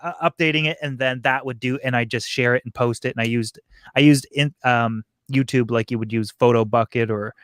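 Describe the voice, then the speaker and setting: An aquarium YouTuber chats casually on a live stream about his hobby channel, rambling and often circling back to restart sentences. His smooth, medium-pitched voice sits in an ordinary middle range and is animated and fairly quick. The sound is dry and close, with no room echo.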